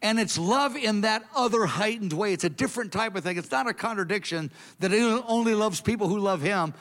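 A man's voice: high-pitched, brisk, fairly bright tone. A man preaching a sermon in an earnest, emphatic way, then leading a prayer. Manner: earnest, emphatic, quoting scripture in a raised voice.

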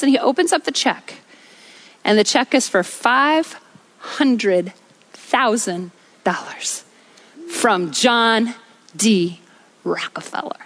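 A woman preacher delivering an energetic sermon on a church stage, telling stories with rhythmic repetition. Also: high voice, normal speed. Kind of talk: sermon with storytelling.

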